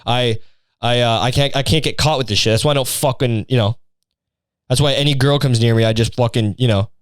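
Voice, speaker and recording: A man's voice: mid-range voice, brisk, clear, resonant tone, dry recording, clean studio sound. A young man hosting a podcast, ranting sarcastically in a rambling, profane comedic style. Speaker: podcast host.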